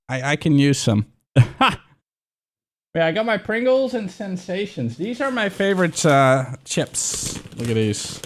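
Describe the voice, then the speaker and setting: A young man chatting casually on a livestream, rambling and swearing freely. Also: a little high. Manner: excitable, swears a lot, rambling.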